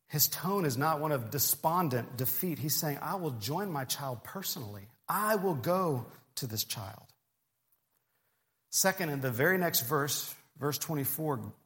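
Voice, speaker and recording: Preacher with a long hall echo. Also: male voice, mid-range voice, a bit bright. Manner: earnest, measured reading of scripture. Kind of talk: sermon.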